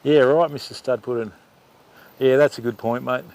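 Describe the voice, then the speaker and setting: A man's voice: medium pitch, steady tone, normal speed, darkish tone. A middle-aged Australian man hosting a fishing livestream outdoors, chatting casually with viewers and calling them mate. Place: outdoors by the water.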